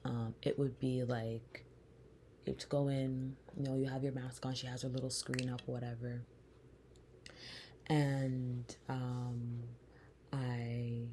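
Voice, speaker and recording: A woman hosting a podcast, telling a personal story in a soft, slow, reflective way that often turns breathy. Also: a bass voice, slight background noise. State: close to tears. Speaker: podcast host.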